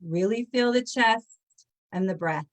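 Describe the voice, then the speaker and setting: A woman's voice: medium pitch, measured pace. Breathwork instructor, woman; soothing, encouraging guided-breathing delivery with audible sighs.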